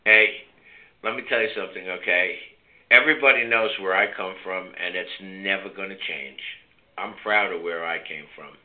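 A man's voice: sits low, normal speed. Brash older man on a phone-like line. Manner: brash, teasing, coaxing listeners. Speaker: host of a call-in health show. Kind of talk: casual call-in talk.

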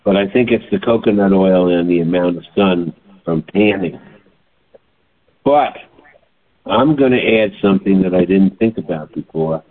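A man's voice: sits low, slightly rough. Chatty older man on a tinny line. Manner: chatty, animated storytelling. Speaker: holistic health storyteller. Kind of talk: casual monologue. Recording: tinny phone-like sound.

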